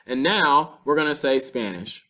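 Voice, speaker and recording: A man teaches a Spanish lesson in a classroom style. He talks patiently through each example and slows down to sound out the Spanish words. His voice sits at an ordinary middle pitch. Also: lively intonation, pushed and bright. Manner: patient, step-by-step explaining with slowed-down Spanish examples.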